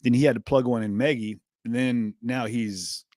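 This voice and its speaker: A man's voice: medium pitch, fairly even intonation, normal speed, a little mellow, no room sound. Guy rambling on a livestream, talks to chat, um-heavy, dry sound. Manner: rambling, filler-heavy, reads chat aloud. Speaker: livestream host. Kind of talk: casual live commentary.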